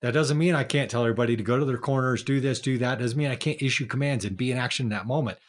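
Animated man telling a blunt story. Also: medium pitch, very fast. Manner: animated, swearing, laughs easily. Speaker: podcast co-host, firefighter leader. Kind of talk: casual conversational storytelling.

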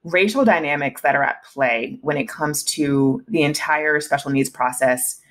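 A woman's voice: low voice, measured pace, a bit bright. A woman in her thirties talking candidly as a podcast guest, emotional at times, with frequent restarts and laughs. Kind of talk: casual interview conversation.

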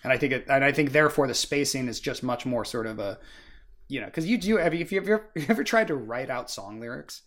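A man's voice: mid-range voice, expressive, fast, a bit bright. A man co-hosting a casual book discussion podcast, rambling with many "like" and "you know" fillers. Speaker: podcast co-host.

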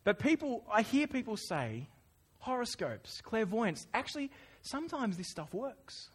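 A man with an Australian accent preaching a sermon, telling stories in a lively, conversational way. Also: sits high, measured pace, breathy edge. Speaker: pastor. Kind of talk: sermon with storytelling.

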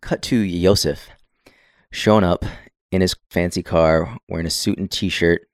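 A man's voice: low voice, fairly even intonation, unhurried, no room sound, studio quality. A man casually recapping a film scene by scene with plenty of swearing, acting out the characters' lines. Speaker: podcast co-host recapping a film. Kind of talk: casual chat.

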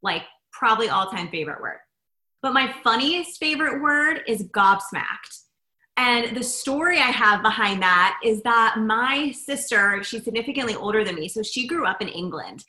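A woman with a bright, slightly high voice jokes around playfully in casual group chat. Her voice rings a little, as if in an echoey room. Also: lively intonation, normal speed. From Washington DC. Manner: playful and jokey. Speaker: panel guest.

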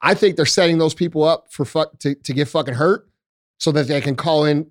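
A man's voice: a little high, brisk. A man hosting a talk show, ranting in an emphatic, profane, frustrated way to the camera. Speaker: podcast host. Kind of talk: heated casual talk.

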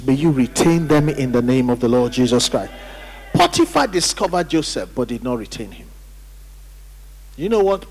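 A man's voice: fairly high pitch, breathy edge. A man preaching a sermon as pastor, emphatic, calling on the congregation to read and repeat after him. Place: church hall during service. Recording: church hall reverb.

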